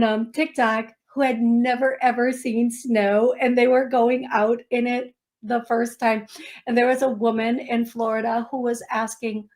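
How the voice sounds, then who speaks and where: Slow, chatty woman radio host. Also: a little high. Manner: chatty, laughing storyteller. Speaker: psychic medium radio host. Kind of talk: casual chat. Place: radio studio.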